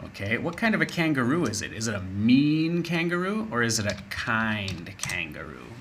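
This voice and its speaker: A man's voice: medium pitch, vocal fry, a little hiss or hum. A man teaching English to children, reading a story aloud and explaining words along the way. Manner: explains words slowly, expressive.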